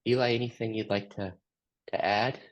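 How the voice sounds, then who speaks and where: A man facilitating a group session, gently asking slow, open questions. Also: lowish voice, steady tone. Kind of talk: guided group reflection.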